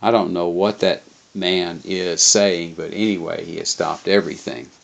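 A man voicing an excitable, plump middle-aged shipping agent who talks in effusive exclamations, read from a storybook. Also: low-pitched, normal speed, gravelly. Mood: exasperated.

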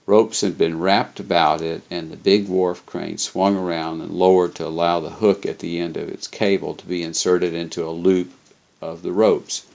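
Casting: low-voiced man narrating a memoir, gravelly, stumbles now and then. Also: little pitch movement, a little mellow, muffled recording. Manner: unhurried, occasional slips and self-corrections. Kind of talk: reading a memoir aloud.

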